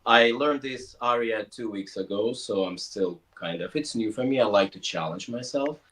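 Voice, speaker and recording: A man's voice: on the low side, normal speed, fairly bright tone. A man who has just sung an audition, answering the judges over a video call, polite but defensive. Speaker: auditioning singer. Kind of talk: discussing feedback.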